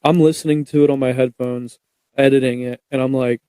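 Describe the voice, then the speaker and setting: Laid-back young podcast host, mellow. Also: male voice, medium pitch, steady tone, fairly quick, clear, resonant tone, dry recording. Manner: laid-back, rambling with many fillers. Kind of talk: casual podcast chat.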